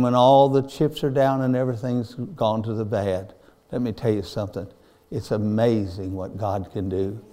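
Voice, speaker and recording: A man's voice: lowish voice, dark tone. An older man, preaching a sermon in a folksy, earnest storytelling style.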